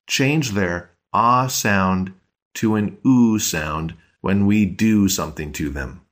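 Deep husky man explaining grammar. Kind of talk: scripted language lesson.

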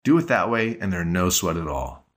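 A man teaching a language lesson in a measured, explanatory way. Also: low-pitched, very animated, soft background music. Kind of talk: scripted lesson narration.

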